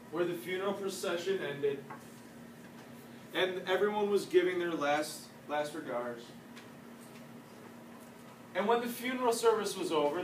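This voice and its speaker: A man retelling a legend aloud in a casual, animated, joking way. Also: sits high. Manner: animated, playful, joking asides. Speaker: storyteller. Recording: echoey room from a distance, faint noise.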